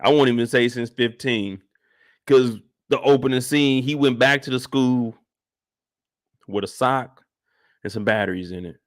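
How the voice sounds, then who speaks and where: A man's voice: mid-range voice, unhurried, long pauses. A man hosting a live after-show, recapping an episode in casual, slangy, emphatic talk. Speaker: show host.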